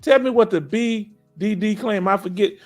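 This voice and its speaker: A man's voice: high voice, normal speed, soft background music. A middle-aged man with a Southern US accent hosts a casual veterans' live stream. He reads viewer comments and keeps checking in with "you understand?". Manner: animated, preachy, keeps asking "you understand?".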